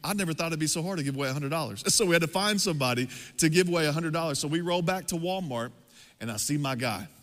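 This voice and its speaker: Storytelling pastor in a reverberant hall. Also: male voice, mid-range voice. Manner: animated, conversational storytelling with laughs. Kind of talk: sermon storytelling.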